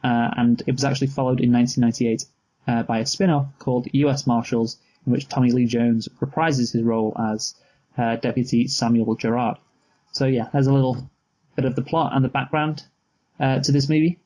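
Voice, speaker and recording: A man with a mellow, dark-toned voice of middling pitch keeps a casual film review moving. He teases his co-host, presses for answers, and reads out a plot summary in a brisk, plain way. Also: steady tone, low-quality recording. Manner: brisk, teasing, steers the talk. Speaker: podcast co-host. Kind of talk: casual movie review chat.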